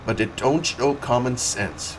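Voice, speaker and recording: A man reading aloud, voicing a calm, smooth-talking railroad agent who placates farmers. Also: mid-range voice, a little slow, recorded from a distance, noisy background, voice pushed up, close to an everyday voice.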